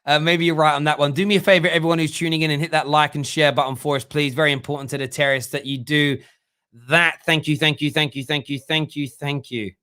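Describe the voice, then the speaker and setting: A man's voice: fairly high pitch, steady tone, quick pace, bright, forceful tone, smooth. A young man hosting a casual football fan live stream, joking and reading viewers' comments aloud. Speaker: fan channel host.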